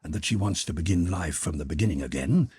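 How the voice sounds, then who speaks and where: A rigid, wounded husband speaking in clipped, formal phrases, his voice very deep and husky. A man voices him in a dry audiobook reading. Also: animated, quick pace, darkish tone, no room sound, full character voice. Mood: bitter. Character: cold, stiff, wounded middle-aged husband.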